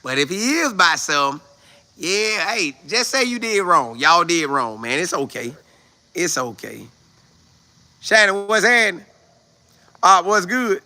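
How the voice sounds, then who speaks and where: Sharp-toned animated man chatting sports. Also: high-pitched, unhurried, long pauses. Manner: animated, slangy and emphatic. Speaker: live stream host. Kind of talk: casual sports chat, reading viewer comments.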